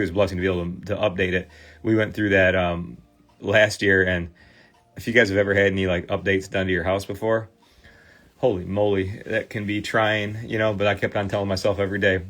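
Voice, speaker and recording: A man in his forties with a Midwestern accent hosts a casual livestream. He talks straight to his viewers in a lowish voice and often backs up and restarts his sentences. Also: fairly bright tone. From Michigan, US Midwest. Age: 40s. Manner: chatty, talks to viewers with many fillers and restarts. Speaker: livestream host restoring trading cards.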